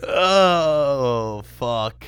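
A man's voice: mid-range voice, expressive, extremely slow, fairly bright tone, clean tone, no echo. A young man co-hosting a podcast, chatting casually with sarcastic, rambling jokes and frequent laughs. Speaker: podcast co-host reviewing beer. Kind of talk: casual comedic chat.

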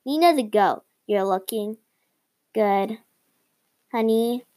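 A woman's voice: on the high side, slow, dark tone. A woman voicing a friendly male restaurant owner in a storybook reading, in a cheery, familiar way.

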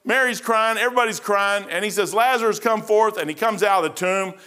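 A man's voice: high-pitched, fast talker, bright, forceful tone, smooth. A middle-aged male pastor preaching a sermon in a rambling, folksy storytelling way, with frequent restarts.

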